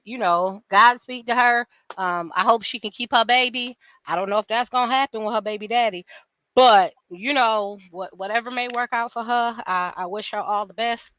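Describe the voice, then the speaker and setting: Sassy bright-voiced woman panelist. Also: a little high. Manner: sassy, teasing, emphatic slang. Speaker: regular panelist. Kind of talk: casual live-stream chat. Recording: dull lo-fi call audio, dry.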